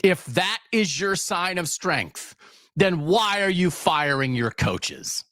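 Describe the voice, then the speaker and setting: Male podcast host, sarcastic ranter, animated and a bit high, close dry sound. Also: slow pace, no room sound. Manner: sarcastic, emphatic, ranting. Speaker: sports talk podcast host. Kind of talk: solo sports rant.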